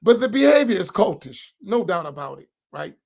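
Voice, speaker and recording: A man's voice: high voice, big pitch swings, moderate pace, gravelly, darkish tone. A man, an imam giving an informal religious class, who talks in a conversational way, keeps checking in with his listeners and repeats key points for emphasis.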